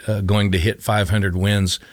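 Speaking at a measured pace in a lowish, flat voice, a middle-aged former coach shares his own faith story as an interview guest. The recording has no room sound, and he comes across as earnest, often restarting and repeating what he says.

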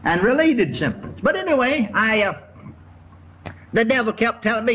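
An older man preaching a sermon to a congregation, telling a story in a folksy, repetitive way with drawn-out emphasis. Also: extremely high pitch, very animated, fairly bright tone, lo-fi sound, slight background noise. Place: church before a congregation.

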